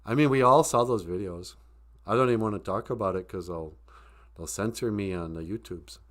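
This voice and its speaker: A man's voice: lowish voice, a little fast. A man hosting a casual livestream, joking and laughing often. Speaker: livestream host and comic author.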